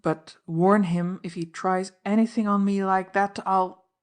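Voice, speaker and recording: A woman's voice: medium pitch, fairly even intonation, measured pace, clear, resonant tone, lightly acted. A woman voicing an insolent young chauffeur. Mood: defiant. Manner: defiant, sneering. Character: young Englishman posing as cockney chauffeur, insolent.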